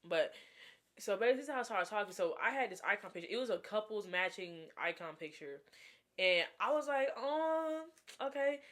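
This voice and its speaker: Young woman, storytime vlogger, lively and slangy, close mic. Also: mid-range voice, brisk. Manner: animated, slangy, dramatic. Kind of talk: storytime vlog.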